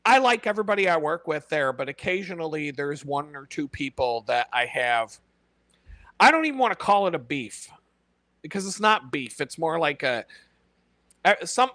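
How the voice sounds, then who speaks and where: A man hosting a casual live stream, talking in an animated, profane way and laughing often. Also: on the high side, brisk, no room sound.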